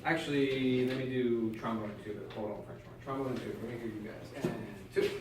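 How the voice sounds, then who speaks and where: A man coaches a small brass ensemble, speaking directly and encouragingly as he counts the players in. His voice sits in a middle pitch. The room is echoey, he is recorded from some distance, and there is faint background noise. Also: steady tone, quick pace, crowd noise. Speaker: band clinician coaching a student brass ensemble. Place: band room.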